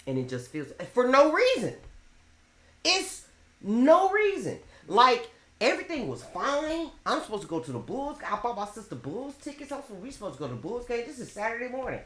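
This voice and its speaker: A woman's voice: fairly high pitch, wildly swooping pitch, moderate pace, roomy sound. A woman telling her story bluntly and animatedly in a candid group chat, swearing freely. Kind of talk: candid group chat about mental health. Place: bedroom with others on a bed.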